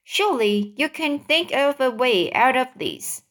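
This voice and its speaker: A woman's voice: high voice, sing-song, measured pace, fairly bright tone, full character voice. A woman doing a sensible coaxing ladybug. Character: calm sensible female ladybug.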